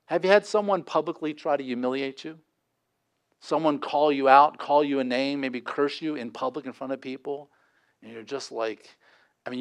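A man preaching a sermon, shifting between forceful emphasis and hushed intensity. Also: medium pitch, lively intonation, measured pace. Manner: dynamic preaching, dropping to quiet intensity. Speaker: pastor.

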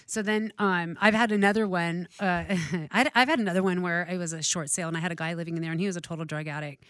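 Middle-aged woman, casual chat, acts out dialogue, low voice, dry recording. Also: fast talker, smooth, no room sound. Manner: animated storyteller, acts out dialogue, laughs often. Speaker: real estate investor.

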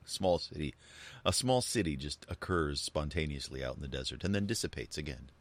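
Super deep-voiced guy rambling on a chat show, lots of you knows and restarts. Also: expressive, fairly quick. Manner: rambling, joking, with many restarts and fillers. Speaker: co-host. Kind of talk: casual chat.

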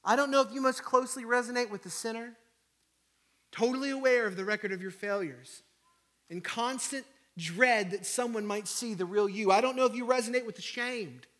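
A man with a high-pitched voice delivers a sermon from the pulpit. He stacks rhetorical questions in a rising rhythm, then sinks into soft, hushed passages. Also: fairly quick. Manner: rhetorical repeated questions, swinging from loud to hushed. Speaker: pastor.

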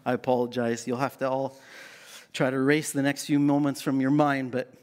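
A man's voice: mid-range voice, little pitch movement, a little fast, darkish tone, clear, resonant tone. A middle-aged man from Canada preaching a sermon as pastor, playful and self-mocking as he tells the story.

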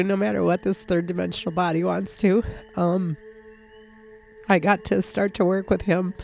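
Gravelly woman telling a story near tears. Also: lowish voice, flat delivery, darkish tone, soft background music. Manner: heartfelt, rambling, halting with fillers. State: close to tears. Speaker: energy healer and teacher, interview guest. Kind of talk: emotional personal storytelling in an interview.

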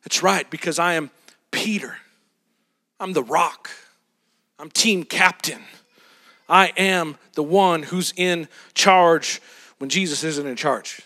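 A man voicing a proud young apostle who brags in a hushed, self-satisfied whisper. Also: on the high side, takes it slowly, pauses often, pitched below the performer's own voice. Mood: smug.

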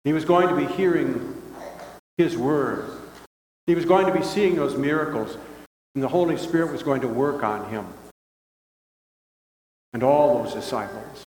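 A man's voice: mid-range voice, unhurried, long pauses, a little mellow. An older man preaching a sermon as pastor, folksy and conversational, recorded in a church sanctuary. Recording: echoey church hall.

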